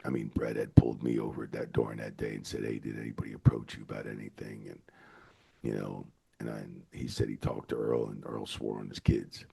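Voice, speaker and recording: A middle-aged man, telling stories as a guest in a podcast interview, excitable and swearing as he goes. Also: fairly quick. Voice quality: very deep, gravelly and husky voice. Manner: excitable, swears, leaps up in pitch when retelling stories. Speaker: retired wrestling referee, guest. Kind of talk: animated storytelling in a podcast interview.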